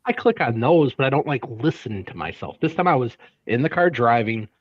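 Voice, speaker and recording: A man's voice: mid-range voice, lively intonation, a little fast, no echo. A man co-hosting a podcast in casual banter, laughing often and poking fun at himself. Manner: laughs often, self-deprecating. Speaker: podcast co-host. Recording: dry, dull lo-fi sound.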